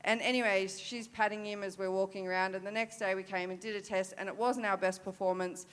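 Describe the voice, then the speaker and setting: An Australian woman in her thirties tells a story from her riding career with open candour. Her voice is smooth and clear, set at a middle pitch, and she often restarts her sentences and fills pauses with "um" and "you know.". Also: fairly even intonation, fairly bright tone. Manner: candid, with many fillers and restarts. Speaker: para-dressage rider. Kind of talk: storytelling talk at a forum.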